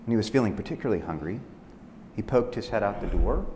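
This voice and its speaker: A man, a pastor, telling a story and talking to fellow pastors in an animated way. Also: fairly low pitch, quick pace. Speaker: pastor, conference speaker. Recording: echoey hall, faint background noise.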